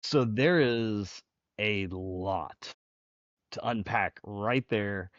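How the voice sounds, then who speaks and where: A man hosting a podcast interview, speaking earnestly and reflectively, with pauses. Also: fairly low pitch, no room sound. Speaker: podcast host. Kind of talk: interview conversation. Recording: dull, slightly lo-fi, dry.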